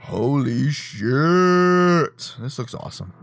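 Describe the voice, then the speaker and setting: A young man giving casual gameplay commentary, excitable and profane, laughing and exclaiming often. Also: mid-range voice, slow. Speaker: gaming channel host. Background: game music.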